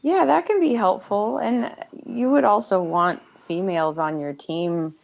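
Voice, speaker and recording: A woman speaking as a guest in a casual conversation, explaining her points in a thoughtful, measured way. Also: mid-range voice, vocal fry.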